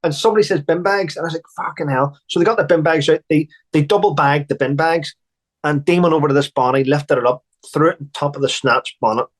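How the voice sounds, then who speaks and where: Army veteran man, blunt, profane, emphatic, restarts, slightly higher voice. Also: fast. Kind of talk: recounting war stories.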